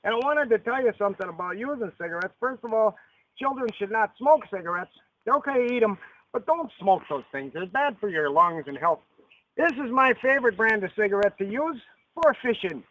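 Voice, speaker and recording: A man hosting an ad-libbed mock fishing show outdoors by a river, rambling in a deadpan way with lots of fillers. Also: high voice. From Texas. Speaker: comedy fishing show host. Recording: lo-fi camcorder audio outdoors.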